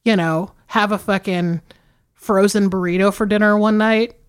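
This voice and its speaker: A woman co-hosting a podcast in casual chat, animated and laughing often, with frequent swearing. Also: mid-range voice, normal speed, clean tone. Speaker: podcast co-host.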